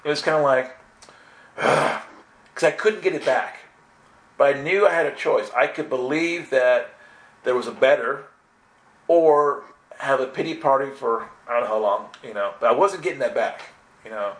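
A man's voice: medium pitch, normal speed, pauses often. Earnest man telling a spiritual story, echoey room. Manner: earnest, animated storytelling with many restarts. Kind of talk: personal spiritual testimony.

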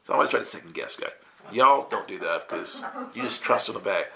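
A man's voice: on the low side, expressive, fairly quick, vocal fry, sharp tone, poor audio. A man telling a casual personal testimony as a guest minister, chatty and self-interrupting, often checking in with "right?".

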